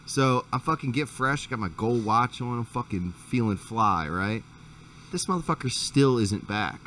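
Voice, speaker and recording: A man's voice: mid-range voice, expressive, normal speed, pushed and bright, distant mic, slight background noise. A man hosting a podcast, telling a rambling, profane story in a casual chat. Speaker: podcast host.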